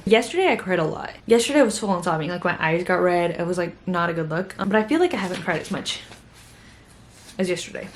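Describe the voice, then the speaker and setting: With a lowish voice and a little hiss or hum on the recording, a tired young woman in college, in her twenties, gushes casually about books in her vlog, full of fillers.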